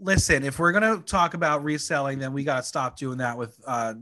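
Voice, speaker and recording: A man's voice: mid-range voice, steady tone, fairly quick, bright, forceful tone. A man hosting a casual podcast chat, reading news items and adding his own asides. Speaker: host.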